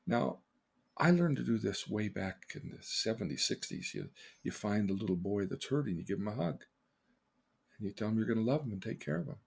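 An older man, a podcast host, earnestly telling personal stories, his voice swinging between loud and hushed. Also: fairly low pitch, big pitch swings, fairly quick, gravelly, husky. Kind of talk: personal storytelling.

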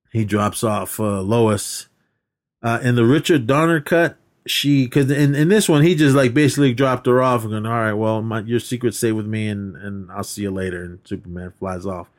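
A man co-hosting a podcast, casually recapping a film, laughing often and acting out quotes as he rambles. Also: mid-range voice. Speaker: podcast co-host. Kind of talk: casual movie recap chat.

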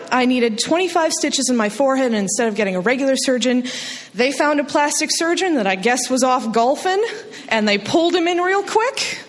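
A woman from New Jersey telling a funny personal story on stage at a live storytelling show, poking fun at herself and jumping up in pitch for quoted voices. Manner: self-deprecating, jumps high for quoted voices. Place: stage in a hall. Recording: long hall reverb.

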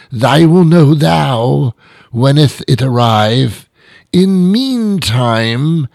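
A man voicing a pompous Elizabethan gentleman in drawn-out mock old English. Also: medium pitch, vocal fry, dry recording, pitched above the performer's own voice, full character voice.

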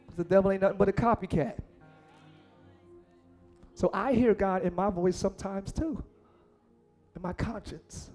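High-voiced animated preaching man. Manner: animated preaching, acts out voices, shouts for emphasis. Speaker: pastor. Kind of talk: sermon.

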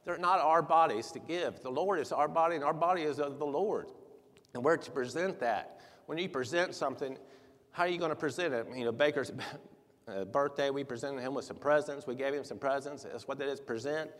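A man preaching a sermon in a church, soft-spoken at first, then louder and livelier with chuckles. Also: fairly high pitch, brisk. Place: church sanctuary. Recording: long hall reverb.

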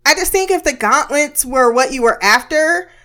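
A woman's voice: sits high, lively intonation, normal speed, bright, forceful tone. A woman giving a casual, blunt recap of a TV episode, swearing freely and laughing often between remarks. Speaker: TV episode reviewer.

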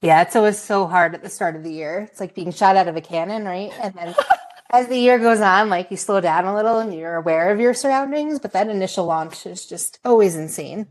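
Woman host, friendly, mid-pitched voice, easy conversational delivery. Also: a little fast. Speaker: podcast host. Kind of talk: casual chat.

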